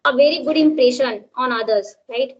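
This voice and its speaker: A woman with an Indian English accent chats casually as an English teacher. Her voice sits high, and she keeps ending sentences with "right?". The recording sounds dull and lo-fi. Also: fairly quick. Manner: frequent tag "right?". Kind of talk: casual conversation practice.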